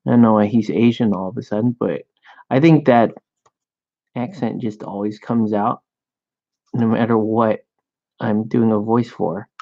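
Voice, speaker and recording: Laid-back man painting miniatures, gravelly dark voice, slow jokey chatter, swears casually. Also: on the low side, steady tone, highs cut off. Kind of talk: casual chat while painting.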